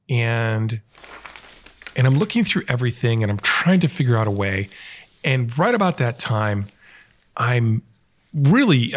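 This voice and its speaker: Man telling a travel story. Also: medium pitch. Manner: relaxed, halting, recounts dialogue. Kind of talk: casual personal storytelling. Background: background music.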